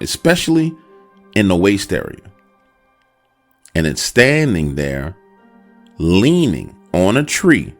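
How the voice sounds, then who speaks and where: A man narrating a first-person horror encounter, speaking dramatically and addressing the listener directly. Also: fairly low pitch. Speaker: storyteller.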